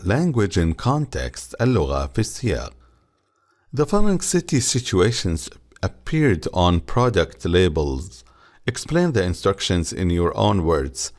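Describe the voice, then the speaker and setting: A man's voice: low-pitched, a little mellow. A man whose first language is Arabic, teaching an English textbook and explaining each line. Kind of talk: bilingual textbook lesson.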